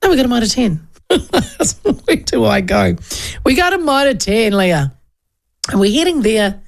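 A woman's voice: a little high, big pitch swings, unhurried, creaky. A middle-aged woman hosting a talk show, chatting casually and telling rambling anecdotes with plenty of restarts and asides.

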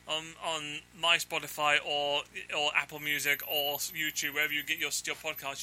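A man's voice: sits high, sharp tone, low-quality recording. A man hosting a radio show, wrapping up casually and rambling with frequent restarts.

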